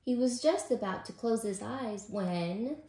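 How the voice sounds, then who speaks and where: A woman who teaches preschool, reading a children's bedtime story aloud in a gentle, expressive way. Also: fairly high pitch, measured pace, slight background noise. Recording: roomy echo.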